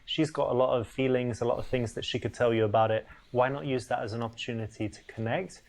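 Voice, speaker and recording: Calm male coach giving dating advice. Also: mid-range voice, quick pace, vocal fry. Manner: calm, advising. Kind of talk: instructional narration.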